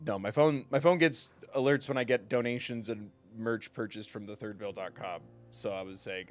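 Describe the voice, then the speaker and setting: A male gaming streamer talking to his live chat in a loose, joking, self-deprecating way. His voice sits at an ordinary middle pitch, and he breaks into laughter often. Soft game music plays quietly underneath him. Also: moderate pace. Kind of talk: casual live-stream commentary.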